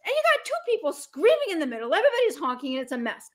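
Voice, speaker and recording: On a podcast, a woman who works as a business coach explains things energetically and emphatically, dramatizing little scenes. She talks very fast in a voice that sits high.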